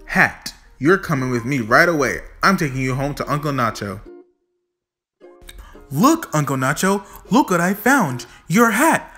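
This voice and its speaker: A man reading a storybook aloud, voicing a bustling mother in a brisk, eager way. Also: medium pitch, animated, sharp tone, faint music behind. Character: bustling woman, the niece's mother.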